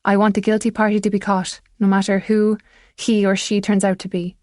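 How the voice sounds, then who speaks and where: A woman's voice: mid-range voice, little pitch movement, fairly quick, a little mellow, no room sound, studio quality, lightly acted. A woman narrator voicing a guarded, precise woman vet who argues her case in a level, firm voice.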